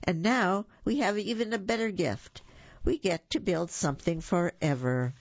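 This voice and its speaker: A gentle, loving bear friend, voiced by a storybook reader, lifted in pitch and tender in tone. A touch of gravel sits under it, and the sound is dry and muffled. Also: moderate pace, no room sound, natural voice. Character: warm affectionate bear friend.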